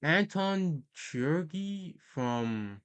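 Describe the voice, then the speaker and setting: Ranking characters for a video, this man talks in an animated, clean voice on the high side, drawing out his words. His tier-list commentary is casual and rambling, full of hesitations, fillers and mid-sentence self-corrections.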